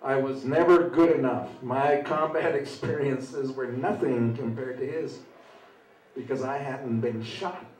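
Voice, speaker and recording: A man in his sixties, a veteran telling a personal story at an open mic in a halting, conversational way with frequent "you know" tags. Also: mid-range voice, a little mellow. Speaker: veteran speaker. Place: open mic at a small venue. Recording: roomy sound from a distant mic.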